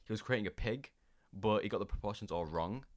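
A man's voice: fairly low pitch, brisk, darkish tone, dry recording. An eighteen-year-old young man, a guest on his parents' podcast, talking in an offhand, hesitant way. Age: teens. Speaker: guest, host's son.

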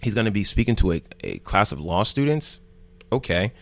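A man from New Jersey talks as a podcast guest, spinning a loose, rambling story. He is heavy on "like" and swears freely. His voice sits low, and it is recorded dry and close with no room sound. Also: lively intonation, brisk, no room sound. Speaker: podcast guest, news show host. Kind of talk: casual storytelling.

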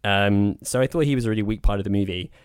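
A man's voice: on the low side, quick pace, clear, resonant tone, no echo, studio quality. A man co-hosting a podcast, giving a frank, opinionated film review in a loose, chatty way. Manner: opinionated, talks in loose spoken asides. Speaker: podcast co-host. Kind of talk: casual film review chat.

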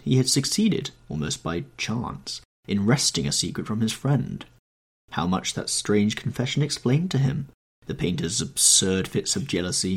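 A man who hosts a storybook podcast, reading a classic novel aloud in a measured, expressive way. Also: fairly low pitch, slightly rough. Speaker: podcast host and reader. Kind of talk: scripted narration of a classic novel.

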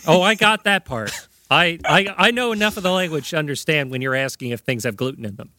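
A man's voice: fairly high pitch, animated, brisk, sharp tone, no room sound, clean studio sound. A man co-hosting a podcast in casual chat, cracking wry jokes. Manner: jokey, wry. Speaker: podcast co-host.

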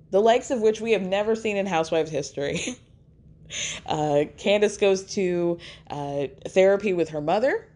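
A woman's voice: medium pitch, a little mellow. A woman hosting a casual recap, talking animatedly and laughing often as she acts out what others said. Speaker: podcast host recapping reality TV.

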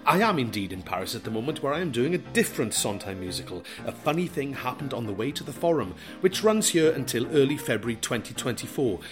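A man's voice: medium pitch, big pitch swings, fast talker, few pauses, over music. A man co-hosting a podcast, chatting with a guest and wrapping up the show over a call. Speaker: podcast co-host. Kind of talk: casual podcast chat.

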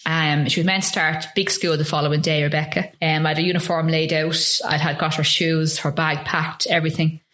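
A middle-aged woman with an Irish accent speaks in a low voice. She tells her story haltingly, with many ums and restarts, as a guest in an interview. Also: flat delivery, a bit bright. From Ireland. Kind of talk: emotional personal testimony.

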